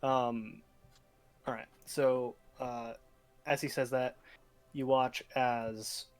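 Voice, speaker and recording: A man's voice: mid-range voice, little pitch movement, extremely slow, clean tone, soft background music. A man narrating as game master of a tabletop game, casual and full of fillers.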